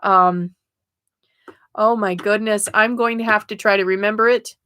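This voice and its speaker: On a spiritual livestream, a woman with a lowish, fairly bright voice talks casually with her audience while reading oracle cards, laughing frequently. The sound is studio quality without any echo.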